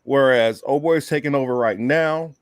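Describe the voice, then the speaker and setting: A man's voice: medium pitch, normal speed, no echo, studio quality. A man co-hosting a political podcast, talking casually and loosely, often restarting his sentences. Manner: loose, conversational, trails off and restarts. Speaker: podcast co-host.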